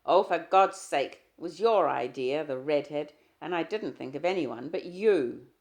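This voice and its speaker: A woman reading the lines of an irritable young husband in an audiobook, with loud, clipped, defensive retorts. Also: low-pitched, lively intonation, unhurried, gravelly, exaggerated voice. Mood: curt. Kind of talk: audiobook character dialogue.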